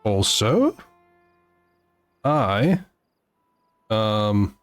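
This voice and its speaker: A man chatting to viewers on a live game stream, halting often with fillers and restarts. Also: on the low side, big pitch swings, clear, resonant tone, soft background music. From Netherlands. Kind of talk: live gameplay stream chat.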